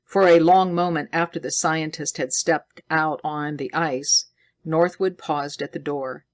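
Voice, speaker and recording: A woman reading a science fiction story aloud slowly and deliberately for English learners. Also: low voice, fairly even intonation.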